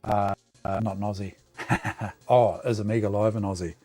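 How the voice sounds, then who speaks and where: A man's voice: on the low side, level tone, moderate pace, darkish tone, no echo, soft background music. A man with a New Zealand accent hosting a livestream, chatting to viewers in an easygoing, rambling way. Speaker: livestream host. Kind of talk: casual livestream chat.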